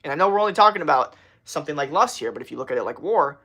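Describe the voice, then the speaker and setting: A man's voice: on the high side, animated, rapid-fire, bright, forceful tone. A young man hosting a livestream, chatting casually in a rambling, profane way with many restarts. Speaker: livestream host.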